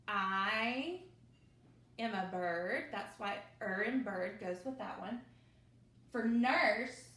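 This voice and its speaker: A woman teacher, leading young children through a phonics review with slow, drawn-out drills and cheerful asides, recorded at home. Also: fairly high pitch, fairly bright tone. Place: home, at her mother's desk. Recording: echoey room.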